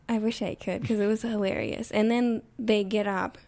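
A woman's voice: medium pitch, steady tone, a little slow, creaky, a little mellow. A woman from the United States, a podcast guest, telling a rambling story in casual chat with many fillers. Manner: chatty storytelling with frequent fillers and laughs.

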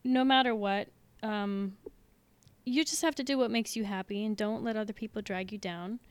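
A woman guest chatting candidly on a podcast, with a smooth, clear voice at a medium pitch. She laughs easily between thoughts, and the sound is dry and close to the mic. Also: moderate pace, no room sound. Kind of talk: casual chat.

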